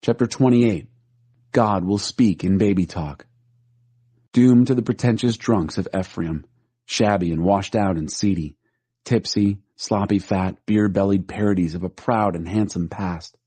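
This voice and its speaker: A man reading scripture aloud in a steady, measured way. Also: fairly low pitch, slightly rough, dry recording.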